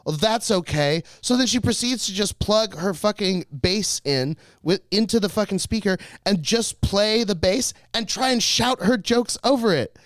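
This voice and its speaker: A man co-hosting a podcast, telling a story in a casual and animated way, swearing a lot and putting on other people's voices in quotes. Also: high-pitched, moderate pace, few pauses, dry recording. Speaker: podcast co-host.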